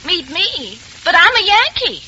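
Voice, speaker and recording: High bright spirited young wife, lively pitch, teasing, dull old radio sound. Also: female voice, unhurried, slight background noise, full character voice. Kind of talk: 1940s radio acting.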